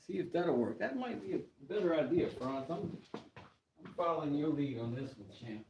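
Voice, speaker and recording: A man's voice: a little high, expressive, moderate pace, lo-fi sound, background noise. A man in casual live-stream chat while working on a craft project, joking and reading chat aloud. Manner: laid-back, joking, reads chat aloud.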